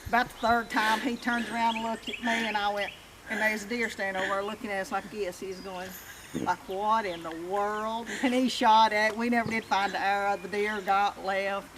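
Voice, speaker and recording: A woman's voice: medium pitch, fairly even intonation, brisk, noisy background. An older woman, telling plainspoken stories about her work at a sawmill. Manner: folksy, plainspoken. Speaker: loader operator at sawmill. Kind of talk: casual storytelling.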